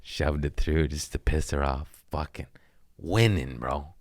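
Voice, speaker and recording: A man with a deep, low voice spins casual stories on his podcast, swearing freely and cracking himself up as he goes. The sound is close and dry, with no room around it. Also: a little slow, no room sound. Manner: loose, profane, laughing at his own stories. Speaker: comedian hosting a podcast. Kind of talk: casual storytelling chat.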